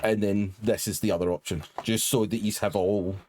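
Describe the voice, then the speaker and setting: Low-voiced man running a tabletop game. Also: fairly even intonation, normal speed, a little mellow, slight background noise. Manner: explanatory, hesitant with fillers. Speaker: game master.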